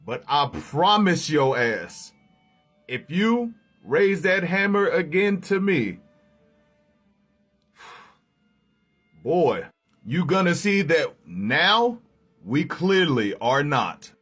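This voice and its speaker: Deep weary god-king, put on by a man, stern, slangy, bright tone, faint music behind. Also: sing-song, extremely slow, long pauses, full character voice. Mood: warning. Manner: slangy, laid-back threats.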